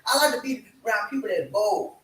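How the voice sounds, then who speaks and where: A man hosting a casual live chat show from home, excitable and energetic as he hypes up his viewers. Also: high voice, brisk. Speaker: show host. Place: room at home. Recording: echoey room, voice from far off.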